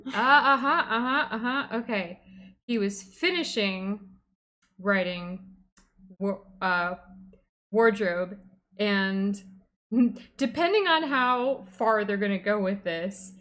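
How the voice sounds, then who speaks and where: A woman co-playing a game on a stream, chatting casually with animated quick reactions. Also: mid-range voice. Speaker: co-player on a stream. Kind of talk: casual chat while gaming.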